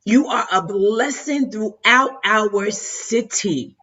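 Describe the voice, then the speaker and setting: Over dull, muffled lo-fi video call audio, a female host gives an emotional live-stream tribute at a medium pitch and a slow pace. Her tone is bright and driving forward. She is heartfelt and effusive, stumbling and circling back to repeat words.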